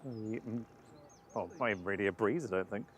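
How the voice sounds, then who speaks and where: A man co-hosting a live stream in casual commentary, relaxed and making jokey remarks. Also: lowish voice, normal speed.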